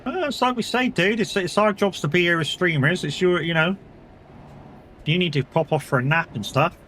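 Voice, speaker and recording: A man's voice: high-pitched, moderate pace, fairly bright tone, slight background noise. A man streaming a driving game and chatting casually, rambling through stories and acting out the people he quotes. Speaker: gaming streamer. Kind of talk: casual live-stream chat while playing.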